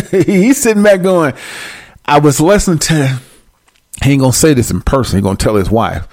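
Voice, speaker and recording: A man's voice: high voice, very animated, moderate pace, darkish tone. A man delivering a profane, preachy comedic rant straight to his viewers.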